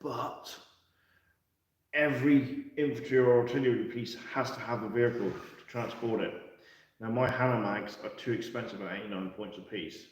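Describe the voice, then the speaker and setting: A man's voice: mid-range voice, steady tone, normal speed. A chatty man talks through wargame rules in a loose, rambling way, cracking jokes as he goes. He sits back from the mic, and his voice rings around a very echoey room. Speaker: co-host of a wargaming chat. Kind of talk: casual chat. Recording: roomy echo, mic at a distance.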